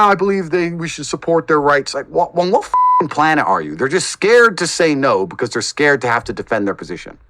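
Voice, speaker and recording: A man's voice: mid-range voice, pushed and bright, no room sound. A man as a podcast guest telling stories in casual chat, blunt and emphatic, with occasional swearing.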